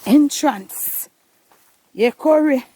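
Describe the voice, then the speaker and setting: A woman's voice: high voice, drawn-out words, warm tone, dry recording. A woman with a Jamaican accent chatting casually to the camera on a phone while out walking in the countryside. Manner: chatty, coaxing, in Jamaican Patois. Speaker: vlogger. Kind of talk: casual vlog narration.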